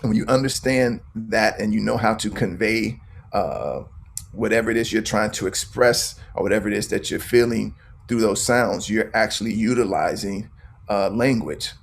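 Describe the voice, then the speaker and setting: A man on a dance panel, explaining his thoughts calmly and reflectively. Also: fairly low pitch, vocal fry, a little hiss or hum. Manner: thoughtful, explanatory, slow in places.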